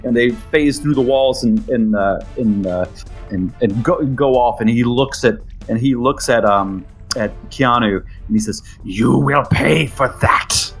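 A man's voice: medium pitch, unhurried, slightly rough, faint music behind. A man narrating as the game master of a tabletop role-playing game, speaking casually with many fillers and building drama.

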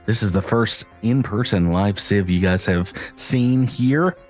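A man running a tabletop game as game master over a video call, animated and quick to laugh. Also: on the low side, soft background music.

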